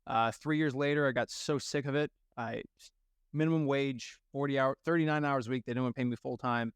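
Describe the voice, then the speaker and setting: A young man tells his story as a guest, energetic and quick to act out what others said. His voice comes through smooth and resonant. The sound is dry and close. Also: medium pitch, no echo. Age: young adult. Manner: energetic, quotes people in animated voices. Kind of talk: casual storytelling.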